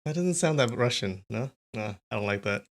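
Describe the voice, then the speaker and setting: Male streamer, casual and amused, middle pitch, off-the-cuff chat to viewers. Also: lively intonation, fairly quick. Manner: chatty, amused, talks to chat. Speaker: live-stream host.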